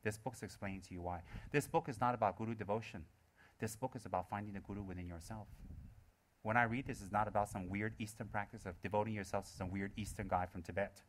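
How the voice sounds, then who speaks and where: A man's voice: on the low side, quick pace. A man giving a live Buddhist teaching, asking rhetorical questions, repeating key phrases and teasing his listeners. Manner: playful, teasing listeners between points. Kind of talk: live Dharma talk to an audience.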